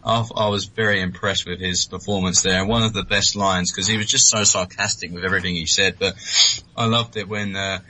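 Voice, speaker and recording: Enthusiastic British man, bright voice. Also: low voice, steady tone, poor audio. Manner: enthusiastic, quick to laugh. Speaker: podcast co-host. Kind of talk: casual podcast chat.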